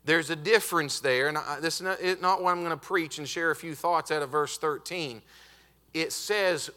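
A man preaching a revival sermon as a visiting preacher, emphatic and stretching out key words, building up to shouted peaks in a church auditorium. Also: on the high side. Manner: emphatic, building to shouted climaxes with drawn-out stresses; often says "hey, listen" to the congregation.

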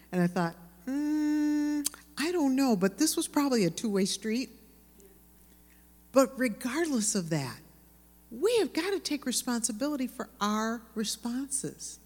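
A woman preaching to a room of women, earnest and lively as she tells stories. Her voice carries a long reverb, as if from a large hall. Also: medium pitch. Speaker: women's Bible teacher. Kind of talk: sermon to women.

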